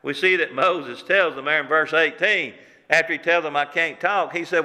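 A man's voice: a little high, moderate pace, sharp tone. A man, preaching a sermon as pastor, repeating words as he works up emphasis and lets his voice rise and fall. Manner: preaching with rising and falling emphasis, repeats words when worked up. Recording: hall reverb.

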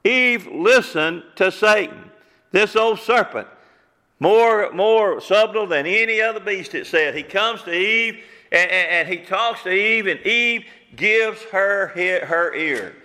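A man's voice: high-pitched, takes it slowly, pushed and bright, in a large hall. A man preaching a sermon to his congregation in a church, fervent and full of repeated rhetorical questions. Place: church sanctuary.

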